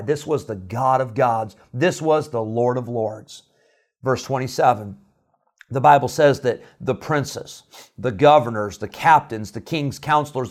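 A man preaching an earnest, conversational devotional sermon with emphatic asides. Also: medium pitch.

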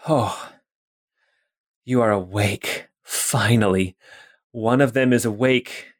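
A man's voice: lowish voice, takes it slowly, no echo, clean studio sound. A man voicing an intense, eager fox-eared woman scientist in a tabletop game. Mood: excited. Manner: eager then suspicious, insistent questioning. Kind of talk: tabletop role-play voicing.

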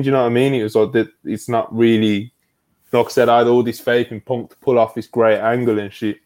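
A man co-hosts a wrestling podcast, reviewing it in casual, animated chat full of slang and swearing, saying "bro" often. His voice is mid-range and a little fast.

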